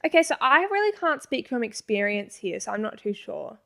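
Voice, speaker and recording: A woman's voice: on the high side, very animated, fairly quick, vocal fry, fairly bright tone. A young woman co-hosting a podcast, chatting casually and reading listener letters aloud. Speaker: podcast co-host.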